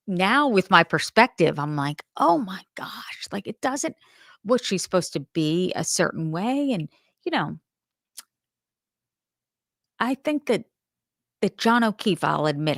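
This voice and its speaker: Gravelly low-voiced woman hosting crime talk. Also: a bit bright, no room sound, studio quality. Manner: chatty, candid, thinking aloud. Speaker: crime show host. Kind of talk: casual opinion commentary.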